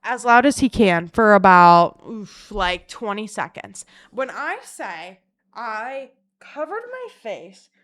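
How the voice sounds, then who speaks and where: Young woman doing a storytime vlog, dramatic, swears a lot, bright voice. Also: medium pitch, slow. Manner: animated, profane, dramatic.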